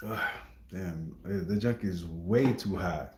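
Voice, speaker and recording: Slow and mellow, this low-voiced man hosts a laid-back reaction livestream, rambling to viewers and often saying things like "you know what I mean." The sound is roomy, with a little hiss or hum.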